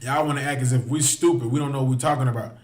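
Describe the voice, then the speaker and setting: A man's voice: mid-range voice, fairly even intonation, racing. Impassioned preacher man, echoey. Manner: impassioned, repeats phrases, addresses listeners directly. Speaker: street preacher. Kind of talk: heated preaching to a livestream.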